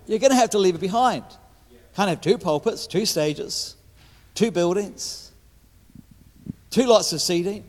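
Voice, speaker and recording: Man, New Zealand accent, fifties, sermon, high voice, reverberant hall, stammering restarts, loud then hushed. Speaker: guest preacher. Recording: echoey hall.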